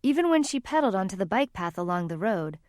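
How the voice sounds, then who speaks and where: A woman narrating a fantasy audiobook in a calm, even storytelling manner. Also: medium pitch, quick pace, dry recording, studio quality. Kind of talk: scripted narration.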